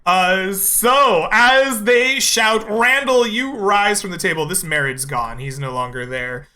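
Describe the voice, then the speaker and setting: A man narrating a tabletop game as game master, describing the scene in an unhurried way with frequent fillers. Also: high voice, bright, forceful tone.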